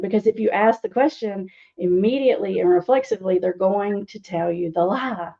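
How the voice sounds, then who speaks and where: Gravelly, teasing woman recovery coach. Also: mid-range voice, moderate pace, few pauses, dark tone, highs cut off. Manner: teasing, sarcastic, laughs often. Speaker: guest speaker, addiction recovery coach. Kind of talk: interview answers.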